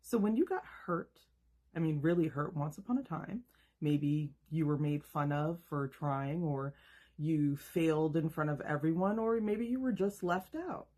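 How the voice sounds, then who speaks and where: A woman in her thirties giving an emphatic, rhetorical self-help monologue with dramatic pauses. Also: deep voice, dark tone. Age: 30s. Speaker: self-help video host. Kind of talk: scripted motivational monologue.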